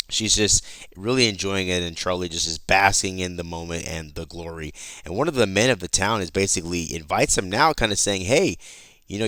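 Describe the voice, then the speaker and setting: A man's voice: low-pitched, sharp tone, clear, resonant tone, no room sound. A man giving a loose, chatty recap of a comic issue, swearing freely and often restarting his sentences. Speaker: comic book YouTuber.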